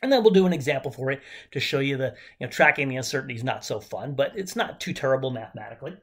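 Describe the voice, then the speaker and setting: A man's voice: mid-range voice, expressive, very fast. A man teaching chemistry at a whiteboard, enthusiastic and jokey, talking straight to his students. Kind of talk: whiteboard lecture.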